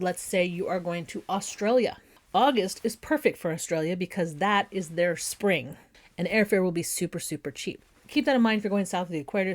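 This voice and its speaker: A woman's voice: fairly low pitch, a little mellow. A woman, a flight attendant chatting casually and giving her opinions while reacting to a travel video. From United States.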